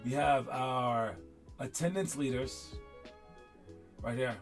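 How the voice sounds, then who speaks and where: A man coaches young basketball players in casual, upbeat talk that rambles and often circles back on itself. He speaks slowly in a mid-range voice, with soft music playing in the background.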